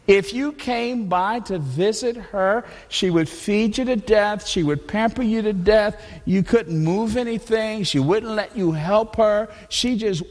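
Male pastor, sermon, conversational, repeats words, high voice, long hall reverb. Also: measured pace, few pauses, darkish tone.

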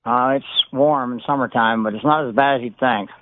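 An easygoing male caller chats over a tinny phone line. His voice sits at a middle pitch, and the line sounds dry and narrow. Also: brisk, no echo. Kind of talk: phone-in chat.

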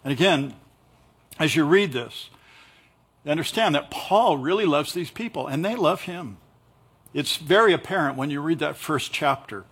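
Husky male pastor preaching conversationally. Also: fairly high pitch, expressive, normal speed, a bit bright. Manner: conversational preaching with jokes and acted asides. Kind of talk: sermon.

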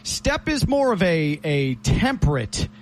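Male broadcaster co-host, high voice, relaxed and agreeable. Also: slow, a little hiss or hum. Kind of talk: casual chat.

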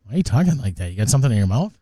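A man's voice: mid-range voice, big pitch swings, rapid-fire, mellow, slightly rough, dry recording. A man co-hosting a radio morning show, chatting casually in a playful, teasing way.

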